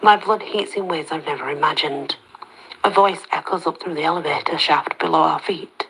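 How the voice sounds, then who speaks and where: A woman narrating a story in the first person, soft-spoken and slipping into whispers. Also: deep voice, moderate pace, slight background noise, rough recording.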